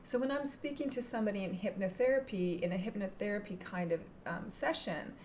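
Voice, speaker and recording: Calm woman teaching self-hypnosis. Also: medium pitch, a little fast, slight background noise. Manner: calm, gentle, drops into soft whispers to demonstrate. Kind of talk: instructional talk to camera.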